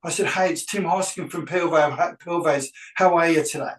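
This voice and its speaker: A man's voice: on the high side, moderate pace, recorded from a distance. Man telling a story, echoey room. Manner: animated, acts out both sides of dialogue. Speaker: real estate agent telling a story. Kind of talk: anecdotal storytelling.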